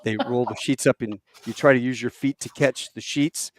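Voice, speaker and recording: A man, a podcast guest, telling war stories in a lively way, acting out quotes with halting restarts. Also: mid-range voice, no room sound. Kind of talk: animated war storytelling.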